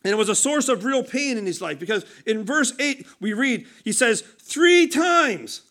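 A man's voice: sits high, animated, fairly quick, a bit bright. A man preaching a conversational sermon, earnest and emphatic, often restarting his sentences.

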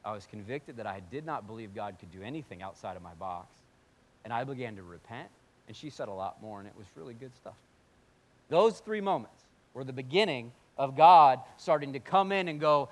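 Man, pastor's sermon, fairly high voice, hushed then near-shouting, storytelling. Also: moderate pace. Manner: animated storytelling, swinging from hushed to near-yelling.

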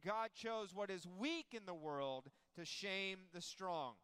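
A man's voice: sits high, expressive, takes it slowly, fairly bright tone, smooth, no echo. A man preaching a sermon as pastor, reading scripture and joking conversationally with the congregation.

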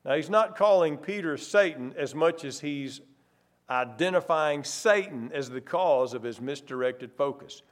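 Animated preacher man with lively pitch. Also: a little slow. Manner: emphatic, varies loudness and pace for stress. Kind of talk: sermon.

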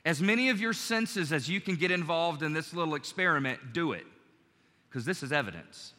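Bright-voiced male pastor in a reverberant hall. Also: fairly high pitch, lively intonation, a little fast. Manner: conversational preaching, acts out quoted lines. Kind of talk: sermon.

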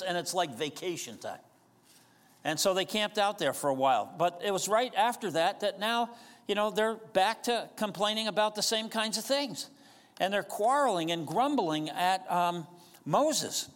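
This pastor's high-sitting voice is expressive and a bit bright, moving at a moderate pace in a large hall. He delivers his sermon in a relaxed, conversational style, regularly questioning his listeners.

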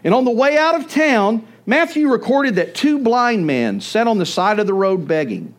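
A man preaching a sermon, telling the story with animated storytelling. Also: high voice, moderate pace. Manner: animated storytelling, acts out voices. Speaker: pastor.

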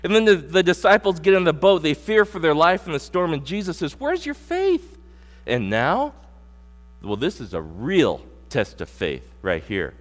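A middle-aged man preaches to his congregation. He hits points hard and loud, then drops low and slow to read scripture. His voice rings with a long hall reverb over a faint electrical hum. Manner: animated preaching with sudden loud emphasis and slowed scripture reading. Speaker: pastor. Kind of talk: sermon.

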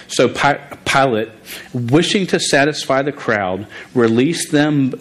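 A man's voice: mid-range voice, unhurried, fairly bright tone, rough recording. Stuttering man preaching a sermon. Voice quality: stutters on word beginnings. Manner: earnest, informal, restarts often. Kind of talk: sermon with scripture reading.

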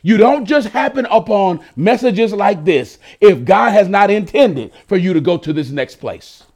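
A man's voice: high-pitched, expressive, unhurried, darkish tone. A male pastor preaching a sermon to a streamed congregation, using call-and-response phrases and drawing out emphatic words.

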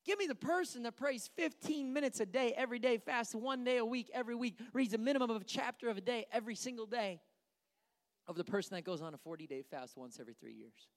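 A man preaching a sermon as pastor, emphatic and repetitive, swinging from loud lines to hushed ones. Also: very high-pitched, lively intonation, quick pace.

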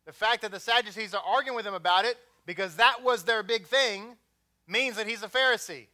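Texan male preacher, high bright voice, casual sermon with wisecracks. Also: brisk. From Texas. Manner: conversational, joking asides.

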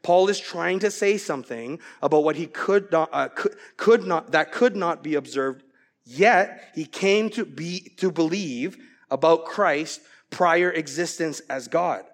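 A male pastor preaching a sermon, animated, swinging from loud outbursts to hushed, quiet lines. He grew up outside the US and became an American citizen. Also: fairly high pitch, a little slow. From from outside the US, naturalized American.

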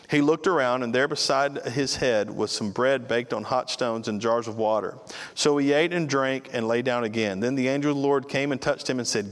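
Preacher in a reverberant hall. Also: male voice, medium pitch, moderate pace, fairly bright tone. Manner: conversational, with casual asides to the listeners. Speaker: pastor. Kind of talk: sermon. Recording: long reverb of a large hall.

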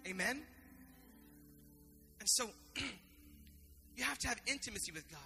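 A man preaches with a raised, piercingly bright voice, pressing his points and circling back over his words. His sermon rings through a hall with a long reverb while soft music plays underneath. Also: extremely high pitch, animated, takes it slowly, vocal fry. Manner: impassioned, conversational preaching with repetitions. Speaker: pastor.

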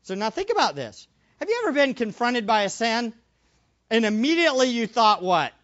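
A male preacher giving a sermon, animated, acting out little scenes and repeating phrases for emphasis. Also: very high voice, normal speed, dull audio.

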